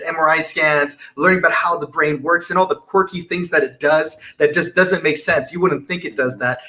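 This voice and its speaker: Eager, rambling man, a bit high. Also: pushed and bright. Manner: eager, rambling, laughs easily. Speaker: guest. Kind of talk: casual interview chat.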